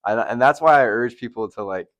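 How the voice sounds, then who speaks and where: A young man hosting a casual chat, relaxed and slangy, laughing often. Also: mid-range voice, fairly quick, dry recording. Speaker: podcast host interviewing a rapper.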